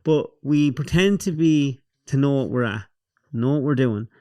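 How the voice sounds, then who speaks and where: A man's voice: medium pitch, moderate pace, darkish tone, dry recording. Irish man, podcast host, reflective, dry recording. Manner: reflective, blunt, swearing. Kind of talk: casual conversation.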